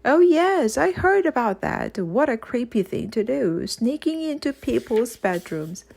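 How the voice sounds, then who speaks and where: A woman's voice: on the high side, sing-song, a little slow, creaky, darkish tone, pitched above the performer's own voice, exaggerated voice. A woman reading aloud and voicing a haughty, stern old queen who snaps orders. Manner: imperious, snappish. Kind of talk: audiobook character voice.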